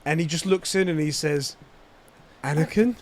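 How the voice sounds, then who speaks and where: A man's voice: on the high side, fairly even intonation, a little fast. A man on a casual fan review podcast, emphatically recounting scenes. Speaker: podcast co-host.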